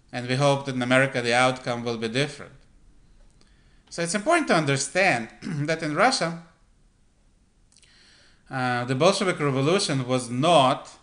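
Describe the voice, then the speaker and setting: Deliberate, halting male commentator. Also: mid-range voice, pushed and bright. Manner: deliberate, halting, with frequent fillers and throat-clearing. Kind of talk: political commentary monologue.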